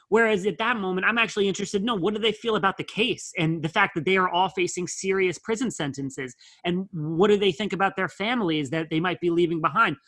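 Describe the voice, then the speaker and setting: A man's voice: high-pitched, sharp tone, no echo. Analytical man reviewing a film. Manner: measured, analytical, with wry asides. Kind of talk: casual film review chat.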